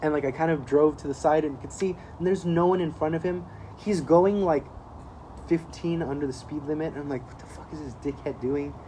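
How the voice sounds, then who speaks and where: A man's voice: fairly high pitch, brisk, warm tone, a little hiss or hum, low-quality recording. A man, co-hosting a podcast, tells a rambling story in casual chat, swearing often and laughing as he goes. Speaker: podcast co-host.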